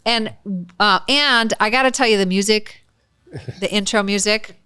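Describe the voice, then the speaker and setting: Bubbly woman podcast host, crisp voice. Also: medium pitch, moderate pace, sharp tone, no echo. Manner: bubbly, laughs often, gushing. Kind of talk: casual interview chat. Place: podcast studio set.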